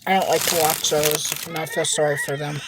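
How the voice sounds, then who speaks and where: A woman's voice: deep voice, steady tone, a little fast, heavy background noise. A woman vlogging while she eats, telling rambling gossipy stories in casual chat from inside a car. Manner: chatty gossipy storytelling, frequent laughs. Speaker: mukbang vlogger.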